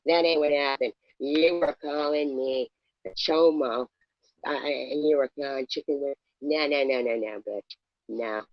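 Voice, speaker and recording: A low-pitched woman tears into a caller on her livestream, swearing and mocking. Her voice comes through dull and lo-fi, in a dry space with no room sound. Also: unhurried, dry recording. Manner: cursing, combative, mocking. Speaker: livestream host. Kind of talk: heated livestream argument.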